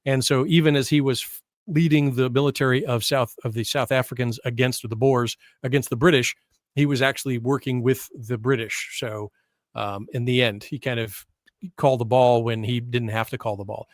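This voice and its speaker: A man's voice: medium pitch, steady tone, normal speed, no room sound. Dry, chatty American man lecturing. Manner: conversational, tag questions, frequent restarts. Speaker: history presenter. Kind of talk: casual lecture over slides.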